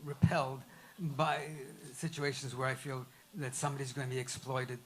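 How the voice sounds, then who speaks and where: An older man, a guest on a live comedy talk show, speaking haltingly and repeating words as he searches for them. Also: medium pitch, flat delivery, slight background noise. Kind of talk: casual talk-show chat.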